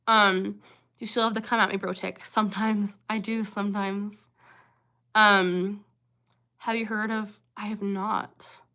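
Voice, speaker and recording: A woman's voice: mid-range voice, little pitch movement, measured pace, sharp tone. A young woman hosting a casual livestream, chatting earnestly with viewers and breaking off with sudden vocal tics. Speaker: livestream host answering chat.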